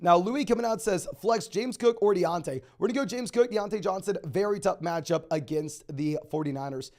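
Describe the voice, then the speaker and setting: A young man hosting a live stream, answering viewer questions in a rapid, auctioneer-like delivery. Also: high-pitched, darkish tone. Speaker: fantasy football host.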